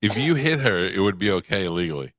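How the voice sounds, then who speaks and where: A man co-hosting a podcast who teases his friend in a needling, deadpan way. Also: low voice, fairly quick, dry recording. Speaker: podcast co-host. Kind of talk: casual chat.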